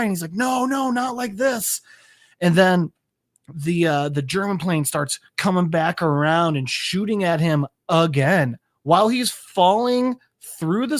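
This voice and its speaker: A man's voice: on the high side, dry recording, clean studio sound. A man co-hosting a podcast, recapping a show casually and loosely, with plenty of fillers and swearing. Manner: rambling, loose with fillers and profanity. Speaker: podcast co-host.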